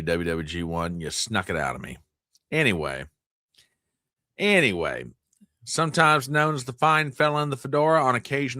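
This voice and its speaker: A man's voice: fairly low pitch, sharp tone, no room sound. A man hosting a casual livestream news chat, joking playfully and bantering with viewers in the chat. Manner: playful, self-mocking, banters with live chat. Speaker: host.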